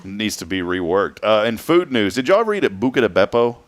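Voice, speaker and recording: A man's voice: fairly low pitch, big pitch swings, fairly quick. A man hosting a morning show, joking and riffing through a news roundup. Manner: jokey, playful, riffs on the news. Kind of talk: casual chat and news roundup.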